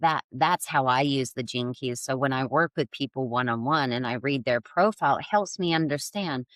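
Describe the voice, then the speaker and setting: A woman's voice: very deep voice, normal speed, fairly bright tone, no echo. A middle-aged woman speaking as a podcast guest in casual conversation, reflective and searching, often restarting her sentences. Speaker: guest, yoga and somatic healing teacher.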